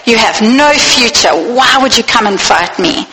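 A man's voice: very high voice, expressive, unhurried, a crowd in the background, exaggerated voice. A woman preacher voicing a scornful giant male warrior hurling taunts, in a space with long reverb. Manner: sneering, mocking taunts.

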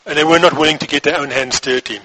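Man reading a bible passage and explaining it, husky, kinda bright tone, stumbles now and then. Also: on the high side, steady tone, quick pace, rough recording. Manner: reads, then breaks off to explain; occasional restarts and stumbles. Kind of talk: scripture reading with commentary.

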